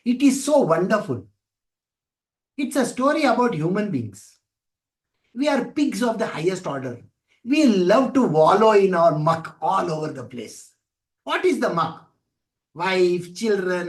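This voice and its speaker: A high-pitched man teaching a scripture class, telling a story with animated acted-out voices. He keeps asking his listeners questions. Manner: animated storytelling, acting out voices of people and gods. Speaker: spiritual teacher.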